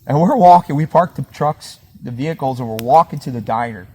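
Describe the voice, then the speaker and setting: A man tells a rambling story by a campfire, full of fillers and chuckles. His voice sits at an everyday pitch, with a faint hiss of outdoor noise behind him. He hosts a podcast and talks outdoors at a winter camp. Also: brisk, a little mellow. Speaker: podcast host. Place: outdoors at a winter campsite by a fire.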